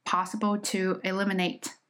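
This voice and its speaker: A woman's voice: medium pitch, flat delivery, moderate pace, a bit bright. A woman with a Chinese accent, a native Chinese speaker and English teacher, talking earnestly and reflectively to her listeners in a casual solo podcast. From China.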